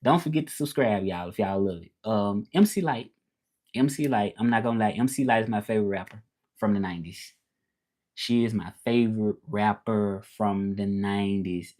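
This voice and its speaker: A man's voice: lowish voice, brisk, darkish tone. A man from Memphis with a Southern US drawl, chatting casually on a livestream as a language teacher, laid-back and repeating himself as he answers viewers. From Memphis, Tennessee, United States.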